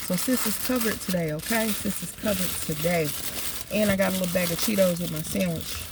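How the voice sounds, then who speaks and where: A woman's voice: lowish voice, a little fast, noisy background. A woman telling a story while eating in a casual food vlog, chatty and emphatic. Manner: chatty, emphatic, Southern US slang. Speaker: food vlogger.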